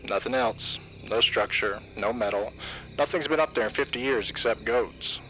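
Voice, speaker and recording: A man voicing a gruff male pilot giving a clipped, matter-of-fact report over the radio, a bit higher and quieter than his narrating voice. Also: normal speed, a little hiss or hum, natural voice, poor audio.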